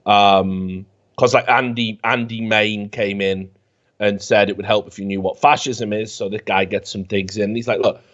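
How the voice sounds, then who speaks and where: A man's voice: on the low side, normal speed. Sarcastic man riffing on comments, muffled sound. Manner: animated, sarcastic, swearing freely. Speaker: host. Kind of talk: casual comedic commentary, reading comments aloud.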